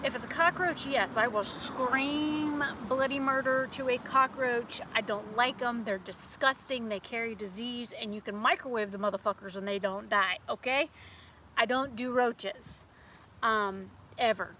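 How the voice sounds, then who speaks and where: A woman telling a story in a casual vlog, her voice high and bright. She talks in a chatty, animated way, laughing as she goes. A faint hum of outdoor noise sits behind her. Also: measured pace. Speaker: beauty vlogger. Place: outdoors near a house.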